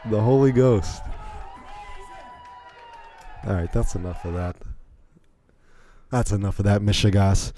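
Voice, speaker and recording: A man's voice: on the low side, unhurried, pauses often, warm tone, some chatter behind. A man hosting a podcast, giving incredulous, rambling play-by-play commentary on a video in a casual way. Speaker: podcast host.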